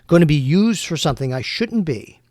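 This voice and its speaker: A worried, grateful man who is cursed, with a halting, stumbling way of speaking, as a man acts him out. He sounds like an everyday voice in a tabletop game. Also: on the high side, animated, a little mellow, no room sound, studio quality, lightly acted. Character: adult male cursed man, anxious and grateful.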